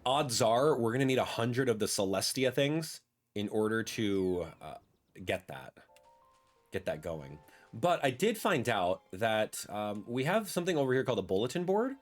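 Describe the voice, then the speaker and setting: A man's voice: medium pitch, sing-song, normal speed. A man hosting a let's-play video, chatting casually and playfully as he plays. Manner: chatty and playful, with cheerful asides. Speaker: gaming video host. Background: faint game music.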